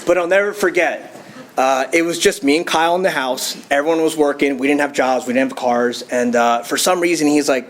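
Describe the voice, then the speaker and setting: A man's voice: on the high side, fairly quick. A young man telling his personal recovery story to a meeting, casual and chatty with fillers and laughs. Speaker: AA speaker.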